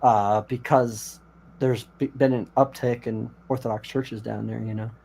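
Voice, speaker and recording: A man from Colorado chatting casually on a stream, rambling and animated, often laughing. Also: mid-range voice, measured pace, gravelly, breathy edge. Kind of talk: casual chat.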